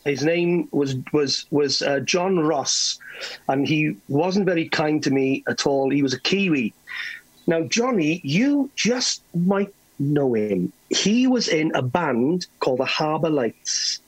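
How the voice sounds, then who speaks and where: A man with a West Welsh accent telling anecdotes as a guest, animated, with stammering restarts. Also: on the high side, slow pace, husky, low-quality recording. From Wales. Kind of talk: anecdotal storytelling.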